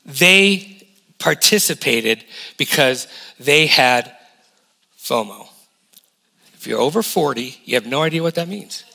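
A man in his forties preaching a lively sermon as a guest pastor, emphatic and full of rhetorical questions. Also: a little high, takes it slowly, vocal fry, pauses often. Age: 40s.

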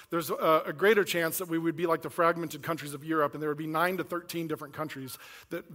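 A man giving an inspirational speech, casual and energetic, talking directly to his audience. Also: fairly high pitch. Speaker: speaker.

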